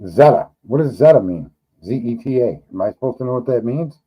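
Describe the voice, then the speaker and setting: A man's voice: medium pitch, animated, fairly quick, husky, dull audio. Blunt, profane New man. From New York. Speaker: livestream host. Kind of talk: casual livestream chat.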